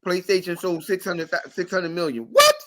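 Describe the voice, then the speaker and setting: A man hosting a casual podcast, ranting in an animated, profane, repetitive way. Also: high voice, normal speed, slight background noise. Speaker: podcast host.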